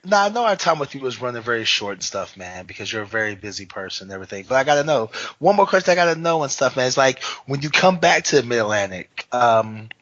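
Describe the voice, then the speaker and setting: A man's voice: medium pitch, big pitch swings, quick pace, few pauses, a bit bright, no echo. A man hosting a wrestling podcast, chatting in a chummy, rambling way and often saying "man" and "and stuff". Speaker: podcast host. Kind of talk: casual podcast interview. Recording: dry, dull home-mic sound.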